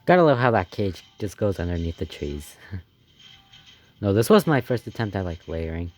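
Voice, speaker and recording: A man giving casual reaction commentary on his own old animation, excitable and rambling, often laughing and gasping between thoughts. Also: sits low, moderate pace. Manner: excitable and rambling, with many fillers, laughs and gasps.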